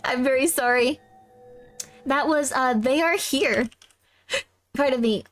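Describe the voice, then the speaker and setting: Over soft background music, a young woman with a high voice livestreams a game and takes things slowly. She giggles and chats casually with her viewers, talking directly to chat.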